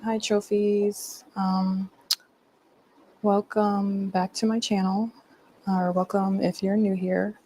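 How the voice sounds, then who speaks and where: A woman content creator giving a casual vlog update to her channel, hesitant and full of pauses. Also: mid-range voice, level tone, dark tone, a little hiss or hum, rough recording. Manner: hesitant, many ums.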